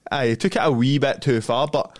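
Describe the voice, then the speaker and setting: A man's voice: medium pitch, a little fast, dry recording. A young Glaswegian man co-hosting a podcast in casual chat, swearing freely, laughing often and rambling through anecdotes. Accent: Glaswegian Scottish. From Glasgow, Scotland. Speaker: podcast co-host.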